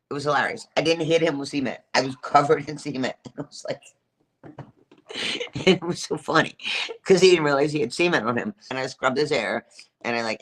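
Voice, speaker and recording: This middle-aged woman livestreamer has a bass voice with a fairly bright tone. She tells her live chat a personal story, emphatic and repetitive, swearing and laughing along the way.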